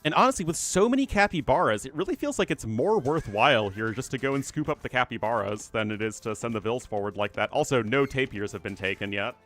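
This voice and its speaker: A man's voice: mid-range voice, expressive, fast talker, hardly any pauses, a bit bright, faint music behind. A man with a General American accent casting a live strategy game and chatting with viewers between plays. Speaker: esports caster.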